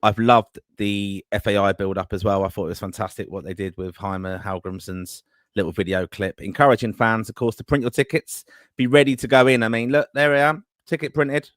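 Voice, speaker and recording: A man hosts a live fan podcast over a video call, upbeat and calling himself an optimist, mixing chat with promotional plugs for the show. His voice sits on the low side and is a bit bright, fairly even in intonation and fairly quick. The recording is studio quality with no room sound.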